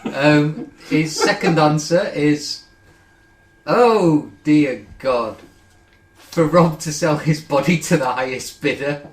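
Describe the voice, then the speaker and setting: Male co-host, halting and wry, slightly high, echoey room. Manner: hesitant with many ums, wry. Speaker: podcast co-host reading listener answers. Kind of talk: casual banter. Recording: roomy with faint noise.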